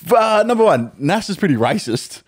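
A man's voice: sits high, very animated, a little fast. A man with an Australian accent, a podcast co-host joking and reacting in casual chat.

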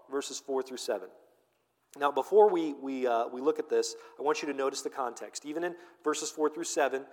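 A man preaching a sermon as pastor, emphatic, swinging between loud declarations and hushed, tender lines. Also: medium pitch, in a large hall.

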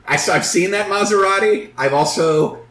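A man's voice: high-pitched, moderate pace, a bit bright. A man telling a long story in casual chat, rambling and swearing, acting out other people's lines. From Northeast Ohio. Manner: rambling storyteller, profane, acts out quotes. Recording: echoey room.

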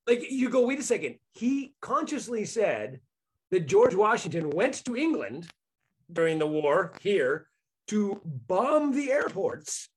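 A man in casual political chat, animated and mocking, swearing freely as he talks. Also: sits high, measured pace, breathy edge, low-quality recording.

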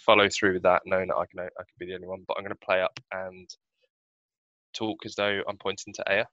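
Bright, lower-voiced man playing a tabletop game. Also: little pitch movement, highs cut off. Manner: laughing, self-deprecating, rushes his words. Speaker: player. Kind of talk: casual tabletop game play.

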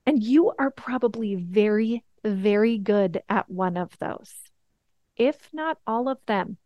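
A woman in her thirties hosting a motivational podcast, earnest and emphatic, slowing down on the words that matter. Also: medium pitch, expressive, no room sound, muffled recording. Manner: earnest, emphatic, slows down for key points. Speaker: podcast host.

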